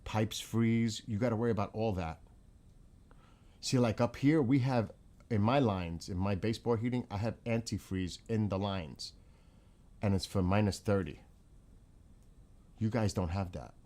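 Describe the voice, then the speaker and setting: A man's voice: fairly low pitch, measured pace, pauses often, mellow. A man hosting a casual livestream, reading viewer chat and exclaiming in astonishment, often repeating himself.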